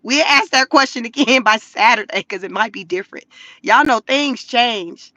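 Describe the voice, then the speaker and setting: Woman host, casual live-stream commentary; high, bright and animated, dry close sound. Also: normal speed, no room sound. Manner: animated, laughs often, acts out quotes in mocking voices. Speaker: livestream host.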